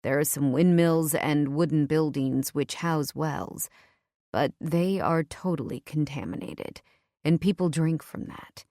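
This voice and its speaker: A woman voicing an intense, possessive young man in an audiobook, in a low, murmured, earnest way. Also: a little slow, warm tone, no room sound, clean studio sound. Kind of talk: audiobook character voice.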